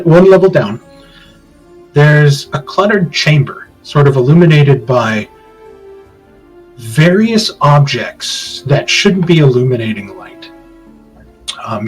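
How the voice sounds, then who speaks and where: Man narrating a tabletop game, rambling and unpolished, middle pitch. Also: low-quality recording. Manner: loose, hedging descriptions full of fillers. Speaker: game master.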